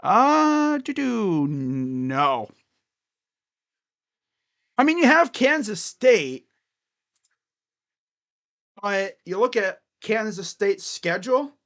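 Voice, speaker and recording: A sports streamer chats casually about college football, thinking aloud and rambling with fillers and restarts. His high voice is animated and fairly bright, but he speaks slowly with long pauses.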